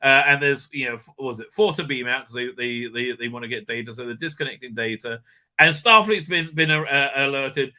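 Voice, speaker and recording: A man hosting a live stream, rambling excitedly with lots of fillers and tag questions. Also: mid-range voice, brisk. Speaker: show host. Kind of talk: live-stream fan commentary.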